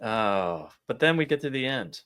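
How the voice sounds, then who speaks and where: A man talking about a comic book on a casual podcast, with an eager, animated delivery full of swearing and quick asides. He often reads dialogue aloud as he goes. His voice sits at an ordinary pitch. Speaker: podcast co-host.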